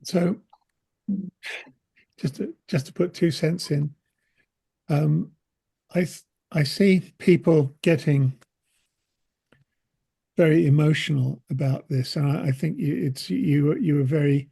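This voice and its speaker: A man's voice: fairly high pitch, slow, vocal fry, long pauses, mellow, husky. A man in the audience joining a casual discussion, earnest and rambling, often restarting his sentences. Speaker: audience member.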